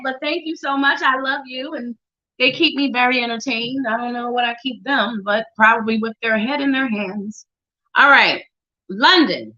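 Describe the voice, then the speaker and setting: Her voice is a little high and sharp, at a moderate pace, as she does tarot readings on a live show. She's playful and talkative, addressing viewers by name and humming little tunes while shuffling, over dull lo-fi livestream audio.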